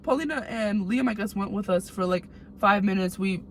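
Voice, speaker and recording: A woman's voice: mid-range voice, slight background noise. A young adult woman chatting and chiming in on a shared story from the front seat of a car. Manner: chatty, quick to laugh, interjecting. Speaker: co-host. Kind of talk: casual storytelling chat.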